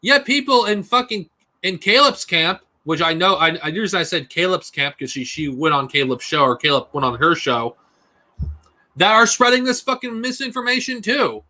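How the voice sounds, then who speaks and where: A man's voice: high-pitched, expressive, normal speed, pushed and bright. A man ranting angrily and profanely on a live stream. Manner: angry profane ranting, mocking put-on whines.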